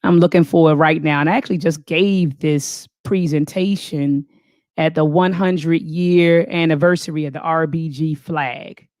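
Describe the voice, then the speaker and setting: Speaking a little slowly in a low, steady, slightly mellow voice, a woman hosts a live online talk and reads out viewer comments. She preaches with fervent conviction, calls everyone "family", and restarts and repeats phrases as she thinks aloud; the studio recording has no room sound.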